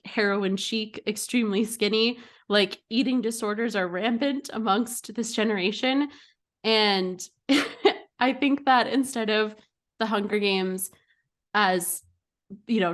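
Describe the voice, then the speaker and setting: A woman's voice: medium pitch, a bit bright. A young woman co-hosting a podcast, chatting casually and giggling as she acts out jokes. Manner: giggly, acts out silly voices mid-story. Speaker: podcast co-host. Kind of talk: casual chat.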